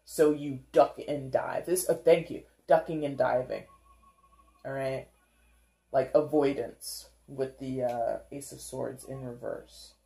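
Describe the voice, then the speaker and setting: A woman's voice: extremely low pitch, fairly even intonation, slow pace, vocal fry, warm tone. A woman giving a casual tarot reading, rambling and chatty, with many fillers and frequent giggles. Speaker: tarot reader.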